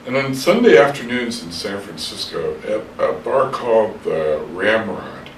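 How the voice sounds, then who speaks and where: An older man with a low voice tells long stories from his past, hesitating and correcting himself as he goes. He sounds set back from the mic in an echoey room, with a faint hiss underneath. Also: very animated, measured pace, far from the mic. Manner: rambling, hesitant, with many fillers and self-corrections. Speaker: interviewee. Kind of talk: reflective storytelling interview. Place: hotel room.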